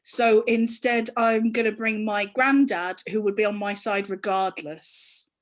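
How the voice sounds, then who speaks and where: A woman, a comedian guest speaking in casual banter with a deadpan delivery. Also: mid-range voice, a little slow.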